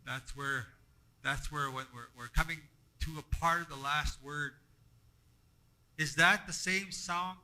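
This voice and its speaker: Halting man teaching a class. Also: on the high side, bright, forceful tone, rough recording. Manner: halting, repeats words, asks the group questions. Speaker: language workshop instructor.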